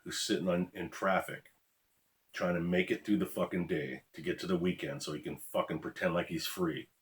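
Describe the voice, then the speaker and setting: A man's voice: low voice, steady tone, moderate pace. A man, a former officer ranting bluntly and profanely to his viewers. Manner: blunt, profane, preachy warnings. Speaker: former law enforcement officer, channel host. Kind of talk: ranting monologue to camera.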